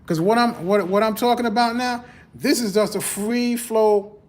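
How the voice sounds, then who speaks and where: A man hosting a podcast in casual, conversational faith talk, greeting viewers and repeating his phrases. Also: normal speed. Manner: animated, rises in pitch when mocking church talk. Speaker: podcast host.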